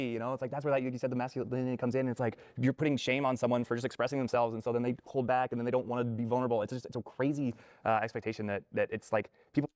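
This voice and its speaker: A man's voice: mid-range voice, dry recording, clean studio sound. A man speaking candidly and at length in a group discussion. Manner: candid, rapid, rambling. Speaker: panel participant.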